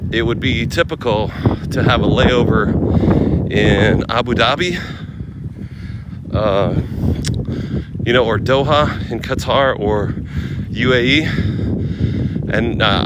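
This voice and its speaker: Walking outdoors through a windy city, an American man chats on a casual live stream, musing about his travel plans and naming viewers to thank them. He speaks unhurriedly in a lowish voice with fairly even intonation, over wind and passing cars.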